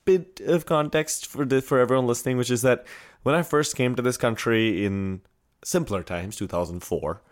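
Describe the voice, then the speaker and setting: A man's voice: medium pitch, moderate pace. A man from India co-hosting a podcast, chatting casually and playfully. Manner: animated, playful with points game. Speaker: podcast co-host. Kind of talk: casual chat.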